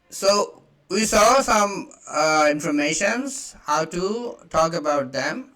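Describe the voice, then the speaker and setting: A male French teacher with a high, bright voice gives a slow beginner language lesson. He speaks slowly, repeats every phrase, and spells out examples.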